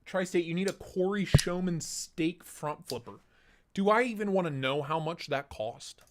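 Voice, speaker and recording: A young man chats casually on a live stream, his voice run through a voice changer that sits a touch high. He drifts between product talk and replies to chat, loose and easygoing. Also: moderate pace, slight background noise. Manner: casual, chatty, reads out chat and laughs.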